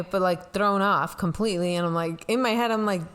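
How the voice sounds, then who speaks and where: A woman's voice: mid-range voice, fairly even intonation, a little fast, smooth. Chatty young woman telling a story. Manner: rambling storytelling with many "like" and "you know" fillers. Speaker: podcast co-host, pastor's kid. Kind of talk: casual confessional chat.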